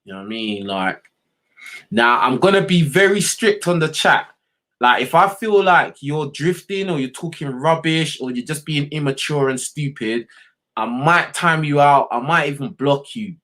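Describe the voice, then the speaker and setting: Young streamer, slightly high voice, heated profane rant to chat. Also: male voice, animated, moderate pace, a bit bright. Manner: blunt, profane, heated, repeats "you know what I mean". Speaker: livestream host. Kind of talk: unscripted rant to livestream chat.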